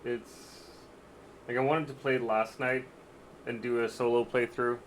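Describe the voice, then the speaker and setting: A male game streamer talks through his live gameplay at an unhurried pace. He is exasperated and swears often, with bursts of laughter between complaints. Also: mid-range voice, flat delivery, a little hiss or hum.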